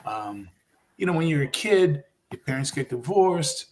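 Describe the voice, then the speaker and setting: A man's voice: a little high, a little slow, slight background noise. A middle-aged man co-hosting a podcast, telling stories in casual chat and laughing often. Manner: animated storyteller, laughs often. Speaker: podcast co-host.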